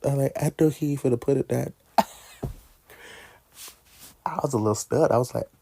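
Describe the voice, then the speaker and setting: Young man vlogger, husky and dark-toned, animated, laughs, talks back at characters. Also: medium pitch, moderate pace, dry recording. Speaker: vlogger ranking favorite movies. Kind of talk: casual chat.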